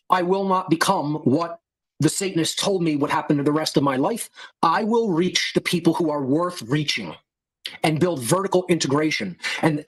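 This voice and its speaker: A man's voice: on the high side, slightly rough. A man hosting a podcast, lecturing his listeners in a heated, contemptuous rant full of insults and profanity. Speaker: podcast host.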